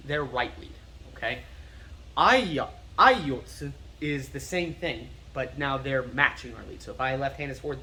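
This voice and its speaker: With slight background noise behind him, a US martial arts teacher walks through terms in a relaxed way, his mid-range voice a bit bright. He owns up to being nerdy and repeats the words slowly so their pronunciation sticks.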